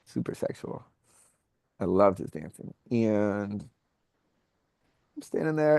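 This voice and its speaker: A man with a New York accent, a podcast guest telling a personal story in a candid, animated way, acting out what people said. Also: medium pitch, creaky, dry recording, clean studio sound. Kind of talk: casual storytelling.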